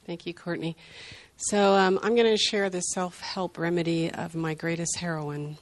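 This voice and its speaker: An older grandmother telling a heartfelt personal story in an unhurried, reflective way. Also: lowish voice, steady tone. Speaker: group sharer.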